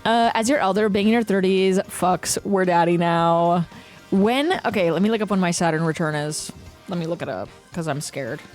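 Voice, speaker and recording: A woman's voice: fairly low pitch, normal speed, faint music behind. A woman in her thirties, a streamer, telling a story in casual chat with frequent swearing. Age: 30s. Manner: ranting, profane, animated storytelling.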